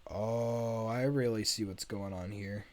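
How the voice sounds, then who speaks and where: A man reading a script aloud and voicing a chatty, excitable male donkey sidekick. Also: lowish voice. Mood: teasing. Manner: fast chatter, yelps in panic. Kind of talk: amateur script read-aloud.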